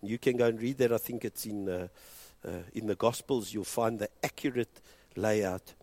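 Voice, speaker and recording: A South African man preaching a sermon as pastor, impassioned and moving between hushed and loud delivery, switching between English and Afrikaans. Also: fairly low pitch, moderate pace, no room sound.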